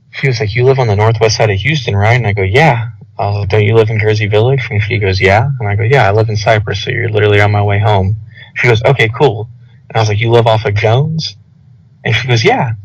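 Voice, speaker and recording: A young man telling a rambling, animated story over casual podcast chat, full of filler words. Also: fairly low pitch, husky. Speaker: podcast co-host. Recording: dull lo-fi audio.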